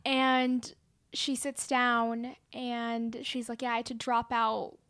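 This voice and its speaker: High-voiced young woman chatting about a film. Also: flat delivery, a bit bright, clean tone, no echo. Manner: chatty, uses lots of "like", quick agreeing interjections. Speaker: podcast co-host. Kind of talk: casual film recap chat.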